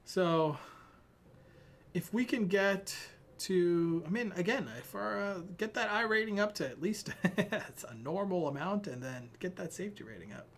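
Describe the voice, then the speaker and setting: Between sim races, a tired, sweating young Irishman chats with his live-stream viewers, rambling and self-deprecating while fiddling with his gear. His voice is high, with lively intonation, at normal speed.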